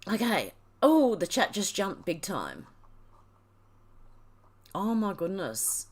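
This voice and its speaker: Teary and gushing, an Australian livestream host reads chat messages aloud and tearfully thanks her audience. Her medium-pitched, darkish voice swings hugely in pitch at a slow pace.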